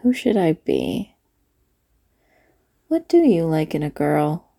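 A woman playing a flirty late-night diner waitress in an audio role-play, talking to the listener in a teasing way with breathy asides. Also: low voice, huge pitch swings, takes it slowly, dark tone, exaggerated voice.

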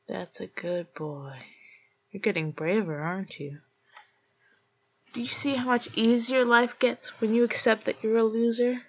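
Brief: woman, low gravelly voice, unhurried taunting audio role-play, dull lo-fi recording. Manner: mocking, teasing and domineering.

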